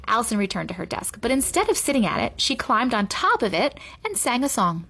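A woman reading a children's book aloud, giving the characters animated voices. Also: mid-range voice, breathy edge. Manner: animated character voices, slow expressive delivery. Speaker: reader.

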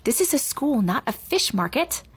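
A stern, clipped female teacher, as a woman puts her on, strict but orderly, with a husky tone. She reads like a firm teacher in a storybook. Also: sits high, very animated, moderate pace, exaggerated voice.

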